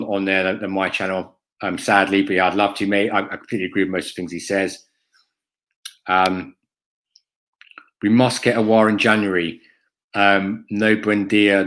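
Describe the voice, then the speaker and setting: Brief: man, fan channel host, casual stream chat, low-pitched, blunt and profane, rambles with ums. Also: fairly bright tone. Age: adult, has a school-age son. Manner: blunt, sweary, lots of ums and "mate".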